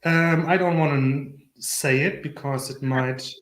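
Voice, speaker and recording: A man's voice: on the high side, steady tone, unhurried, fairly bright tone. A man hosting a live-stream interview, playful and self-deprecating as he asks his guest questions. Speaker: host. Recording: echoey room.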